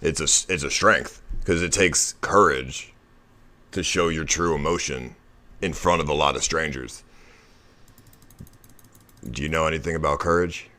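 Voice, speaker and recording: A man's voice: very deep voice, a little slow, pauses often, pushed and bright. A man in his thirties, a streamer, coaxing and persuading someone in casual stream talk.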